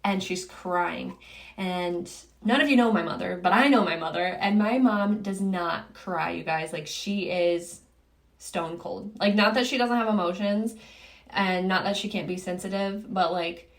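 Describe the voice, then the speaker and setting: A woman's voice: mid-range voice, measured pace. A woman in her thirties hosting a solo podcast, talking candidly and casually, with frequent fillers and swearing. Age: 30s. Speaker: podcast host.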